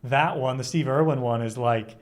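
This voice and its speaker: Young man, minnesota accent, casual reaction host, mid-pitched, rambling. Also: normal speed. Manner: rambling, filler-heavy. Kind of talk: casual chat.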